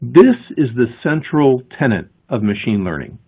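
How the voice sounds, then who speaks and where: A man presents at a conference, his pitch rising and falling in a lively way as he explains step by step. His voice is a touch husky. The recording is thin and lo-fi, much like a phone line. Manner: explanatory, emphatic, with pauses before key words. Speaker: conference speaker.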